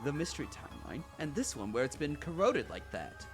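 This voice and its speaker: Streamer guy reading out a story game, kinda high voice, animated and a bit sweary. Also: a little fast, soft background music. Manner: animated, self-mocking, swears freely. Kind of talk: reading a visual novel aloud on stream.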